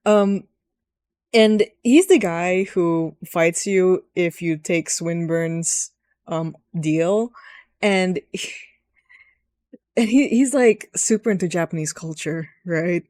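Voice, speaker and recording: A woman's voice: lowish voice, slow pace, darkish tone, dry recording. A woman giving rambling, giggly gaming commentary as host, swearing freely.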